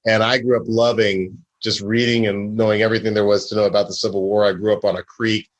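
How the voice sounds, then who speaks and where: A man in his forties from Georgia in the American South, a comedy writer telling animated, self-deprecating stories in a casual podcast conversation. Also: fairly low pitch, fast, muffled recording.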